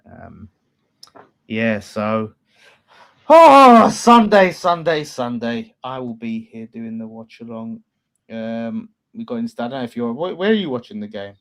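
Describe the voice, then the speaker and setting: A man hosting a casual football fan chat, animated and swearing freely, swinging between loud bursts and quiet asides. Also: lowish voice, normal speed. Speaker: fan channel host.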